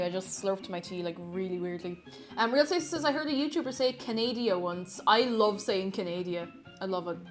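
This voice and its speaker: A young Irish woman with a fairly high voice streams from home, chatting casually and reading out viewer comments. She giggles often and drifts into rambling asides.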